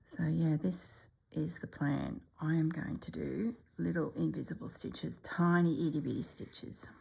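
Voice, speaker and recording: A middle-aged woman with a low, gravelly voice talks casually while she stitches, often slipping into a hushed whisper. Her tone is husky and a little breathy, unhurried and homely. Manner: often drops to a soft whisper. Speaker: stitching channel host. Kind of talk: casual stitching vlog chat.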